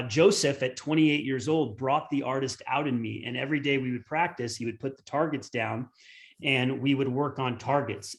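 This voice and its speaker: Man in his forties telling a rambling story. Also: mid-range voice. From United States. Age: 40s. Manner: earnest, rambling storyteller with many fillers. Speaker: tennis coach and former pro. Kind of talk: webinar storytelling.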